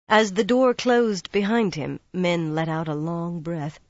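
A narrator reading a fantasy novel aloud in a steady, measured way. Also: mid-range voice, dry recording, highs cut off. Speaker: audiobook narrator.

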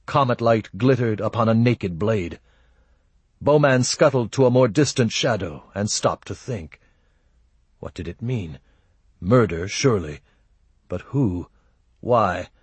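A man narrating an audiobook in a steady, measured reading style. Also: mid-range voice, breathy edge, no room sound.

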